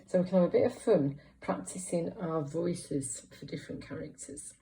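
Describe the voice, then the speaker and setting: A woman guides young children through a reading lesson. She speaks slowly and clearly and keeps asking them encouraging questions. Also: fairly low pitch, mellow, a little hiss or hum, low-quality recording. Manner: slow, clear and encouraging, with many questions to the listener. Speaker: primary school teacher.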